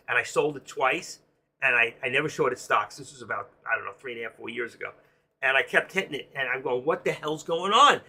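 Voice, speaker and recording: Excitable trader, bright voice. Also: male voice, mid-range voice, breathy edge. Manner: animated storytelling, excitable, swears casually; explains while drawing on a chart. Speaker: stock trading streamer. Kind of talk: live-stream trading lesson.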